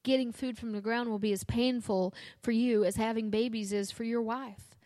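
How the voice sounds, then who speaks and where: A woman voicing a stern, grieving male God who makes loud, commanding declarations. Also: a little high, steady tone, moderate pace, dry recording, lightly acted. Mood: sorrowful.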